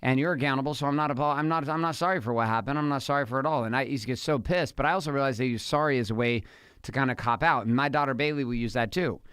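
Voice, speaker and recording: A man's voice: mid-range voice, racing, fairly bright tone, clear, resonant tone, no room sound, studio quality. A middle-aged man co-hosting a podcast, talking casually and emphatically with his wife, repeating his points. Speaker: podcast co-host.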